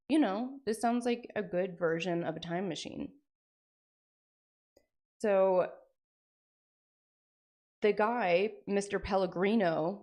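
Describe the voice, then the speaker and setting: A woman's voice: lowish voice, darkish tone. A woman streamer chatting casually with her viewers, rambling and sprinkling in lots of "like" and "frickin'". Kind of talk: casual live-stream chat.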